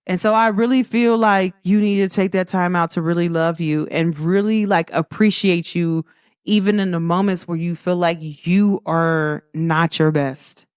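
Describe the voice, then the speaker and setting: A woman's voice: fairly low pitch, moderate pace, clear, resonant tone, no room sound, studio quality. A young woman, hosting a casual spiritual pep talk and acting out quoted voices with frequent laughs. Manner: animated storytelling, acts out quoted voices, laughs often. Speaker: host.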